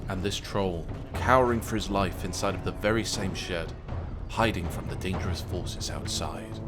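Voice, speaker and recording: A man narrating a gaming video as a mock news report, with a deadpan, mock-serious war-correspondent delivery. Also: deep voice, moderate pace. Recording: voice-over with background electronic music.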